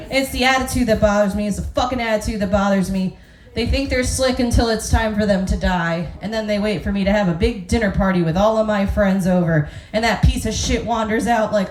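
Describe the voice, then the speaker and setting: A woman's voice: mid-range voice, a little fast. A woman in her thirties doing a brash, self-mocking stand-up set with crude punchlines, on a club stage with a handheld mic. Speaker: stand-up comedian. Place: comedy club stage with live audience. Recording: echoey club with audience noise.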